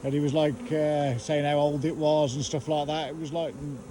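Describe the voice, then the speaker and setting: A man's voice: on the high side, level tone, normal speed, background noise. Jokey Black Country man. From Black Country, England. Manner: jokey, banters with slang. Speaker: bee removal worker. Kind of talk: casual chat while working.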